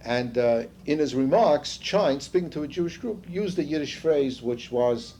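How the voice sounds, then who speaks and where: A man's voice: a little high, animated, normal speed, mellow, a little hiss or hum. Older man leading a conversational seminar. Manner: storytelling, quizzes the group; asides, frequent "you see". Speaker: seminar leader. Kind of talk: conversational lecture.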